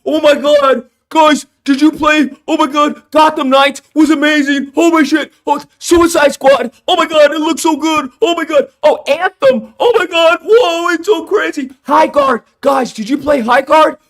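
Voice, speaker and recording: A man putting on the voice of a gushing, over-excited male game influencer. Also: very high voice, unhurried, few pauses, pitched above the performer's own voice, full character voice. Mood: gushing, hyped.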